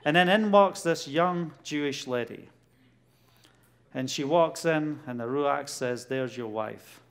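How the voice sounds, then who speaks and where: A middle-aged man with a Glasgow Scottish accent gives a testimony sermon, telling a story with lively bursts and acting out dialogue. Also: on the high side, slow, clear, resonant tone. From Scotland. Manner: animated storytelling, laughs often, acts out dialogue. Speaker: preacher.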